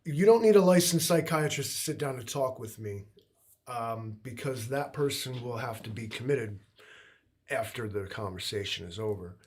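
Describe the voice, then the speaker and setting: A man's voice: medium pitch, lively intonation, moderate pace, a little hiss or hum. A young man co-hosting a livestream who rambles in a loose, laid-back way, full of likes and ums. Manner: laid-back, meandering, with a lot of filler. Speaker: livestream co-host. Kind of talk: rambling casual chat.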